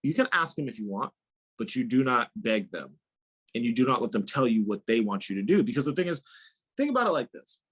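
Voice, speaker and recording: Animated husky-voiced man. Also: medium pitch, brisk. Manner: animated, emphatic, laughs often. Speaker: guest, spiritual teacher. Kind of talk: casual interview conversation.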